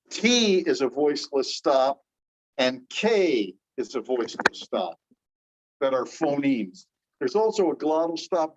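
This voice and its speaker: Slow, patient lecturer. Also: mid-range voice, muffled recording, slight background noise. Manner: patient, quizzing students with questions. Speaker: linguistics teacher. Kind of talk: classroom lecture.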